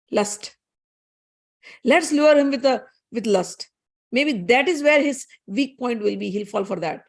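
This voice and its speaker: Woman telling a spiritual story. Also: high voice. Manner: lively retelling with many restarts and asides. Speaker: spiritual teacher. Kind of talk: storytelling scripture discourse.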